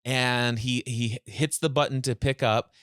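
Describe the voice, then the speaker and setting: A man telling a story in a podcast interview as a mindset coach, acting out both sides of a phone call in lively voices, speaking over a remote call. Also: medium pitch, a little slow, smooth, dry recording, clean studio sound.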